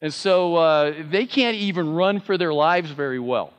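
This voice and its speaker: Pastor, male, slightly high voice, earnest sermon delivery with restarts, long hall reverb. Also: measured pace, clean tone, muffled recording. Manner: earnest, emphatic, with fillers and restarts.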